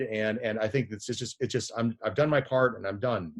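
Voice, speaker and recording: A middle-aged man with a lowish, steady voice talks at a normal speed. He's a physician and editor appearing as a guest in a casual interview, rambling through a story and often restarting sentences and repeating words.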